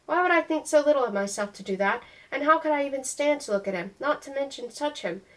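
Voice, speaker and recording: A woman's voice: sits high, lively intonation, fast talker, a bit bright, rough recording. A woman reading a novel aloud, voicing a blunt, outspoken mother who speaks firmly and emphatically. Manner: firm and emphatic.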